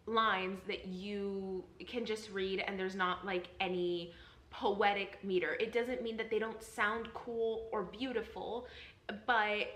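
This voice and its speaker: A woman's voice: mid-range voice, a bit bright. A young woman, an actor, gives an earnest, encouraging lesson on reading Shakespeare, explaining things step by step. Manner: earnest, encouraging, repeats reassurances. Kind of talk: enthusiastic explanatory vlog lesson. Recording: roomy echo.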